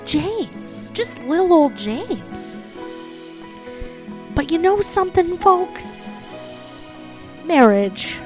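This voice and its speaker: A woman's voice: very high voice, big pitch swings, very slow, pauses often, a little mellow, faint music behind, pitched above the performer's own voice, full character voice. A woman doing a comic impression of a boastful middle-aged male preacher, preaching with a pompous sermon cadence. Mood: preachy, boastful. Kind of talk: comedic pastor impression.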